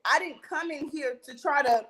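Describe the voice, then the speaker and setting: High-voiced woman, profane animated storytelling. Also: normal speed, rough recording. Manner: profane, emphatic, acts out quoted arguments. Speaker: reality TV cast member telling a story.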